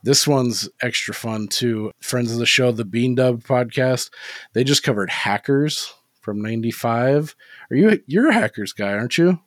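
A man's voice: medium pitch, animated, moderate pace, no room sound. A man co-hosting a movie podcast in loose, casual chat, peppering his talk with "like" and cheerful swearing. His voice sits mid-range and sounds dry and close, with no room around it. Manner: laid-back, swears freely, lots of "like" fillers. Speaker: podcast co-host.

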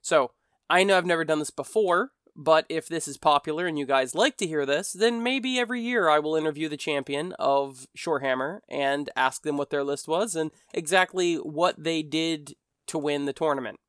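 A man's voice: a little high, moderate pace, a bit bright, clear, resonant tone, dry recording, studio quality. An American man hosting a podcast, talking in a rambling, conversational way that often corrects itself mid-sentence. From United States. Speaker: podcast host. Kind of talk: casual monologue podcast.

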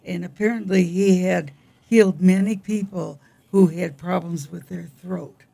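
An older woman co-hosting a casual chat about the week's feast days, with a gravelly voice and frequent throat clearing, speaking in a wry, halting way. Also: lowish voice, steady tone, dark tone. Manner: unhurried, wry, halting reading. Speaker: co-host.

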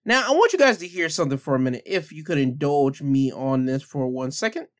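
This is a man ranting his opinions straight at the listener. He is blunt and heated and hits each point with emphasis. His voice sits somewhat high and sounds close and dry. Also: lively intonation, fairly quick, no room sound. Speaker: commentator. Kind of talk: casual opinion rant.

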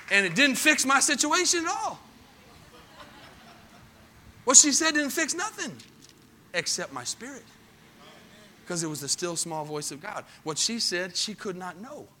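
A male pastor preaching with a high, bright, cutting voice. He drops to a hushed storytelling tone, then surges into loud, emphatic preaching, turning often to the congregation with questions. A faint hum of room noise sits behind him. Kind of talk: sermon.

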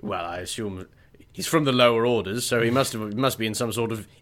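A man voicing a snobbish, lazy newspaper editor who sneers at the lower orders in a pompous drawl. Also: brisk, a bit bright, lightly acted. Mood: disdainful.

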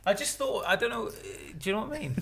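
A man's voice: very high voice, brisk, creaky. A British man on a podcast panel, chatting casually, laughing a lot and swearing freely. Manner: giggly, animated, swears casually. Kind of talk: casual chat.

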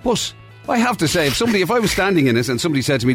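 A man's voice: a little high, very animated, very fast, faint music behind. A man co-hosting a radio chat show, talking in a wry, rambling, conversational way. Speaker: radio co-host. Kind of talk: casual chat.

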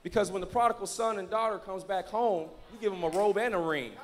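A man with a notably high voice preaches to his congregation as a pastor. He tells his sermon as a story and acts out the people in it. Faint room sound sits behind him. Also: fairly quick, a little hiss or hum. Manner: tells a story, acting out both sides of the talk; preaching exhortations.

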